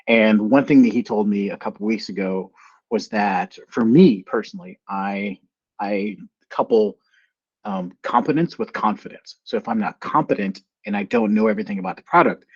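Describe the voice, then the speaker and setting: A man working as a solution engineer, telling stories in a casual panel chat and acting out the people he quotes with big jumps in pitch. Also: slightly rough. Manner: animated storytelling, voices quotes with pitch jumps. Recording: lo-fi video call audio.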